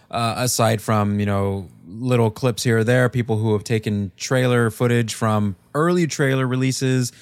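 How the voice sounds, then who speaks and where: A man's voice: medium pitch, no room sound. Man, podcast guest, casual upbeat chat, dry close mic sound.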